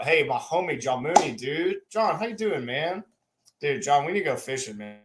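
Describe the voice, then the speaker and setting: A man's voice: a little high, animated, normal speed. A man co-hosts a live fishing show from his home. His talk is loose and slangy as he greets viewers one after another by name over a computer mic. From Texas. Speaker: podcast co-host. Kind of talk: casual livestream chat. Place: home room.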